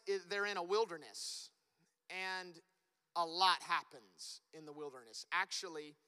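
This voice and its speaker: High, bright-voiced preaching man. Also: clean tone. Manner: animated, building to loud emphatic peaks. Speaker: pastor. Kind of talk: sermon. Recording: long reverb of a church hall.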